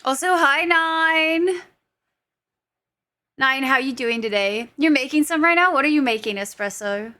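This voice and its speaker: A woman's voice: high-pitched, animated, unhurried, bright, forceful tone. A young adult woman streamer chatting casually with her viewers. She giggles often and swears freely.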